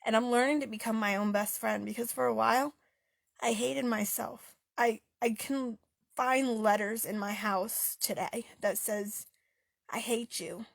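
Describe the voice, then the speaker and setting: A young woman telling a personal story through tears, halting and stopping often with fillers and pauses. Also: fairly high pitch, fairly even intonation, vocal fry, no echo, studio quality. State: tearful, voice breaking. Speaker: author sharing a personal story. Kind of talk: emotional personal testimony.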